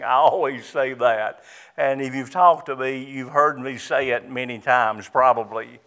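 Emphatic slow-preaching pastor, man. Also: a little high, fairly bright tone, clean tone. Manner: emphatic preaching with repetition and rising stress. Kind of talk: sermon.

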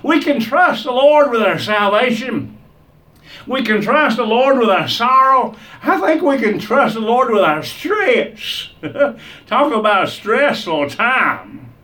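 Slow, high-voiced preacher man. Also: sing-song, sharp tone, recorded from a distance. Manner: emphatic, repetitive preaching cadence. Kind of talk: sermon.

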